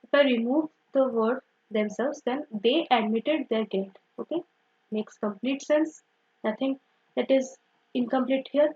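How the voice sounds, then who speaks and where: A woman's voice: sits high, measured pace, darkish tone, husky, dull audio. A woman teaching an online grammar lesson, explaining step by step and often saying "simple" and "okay".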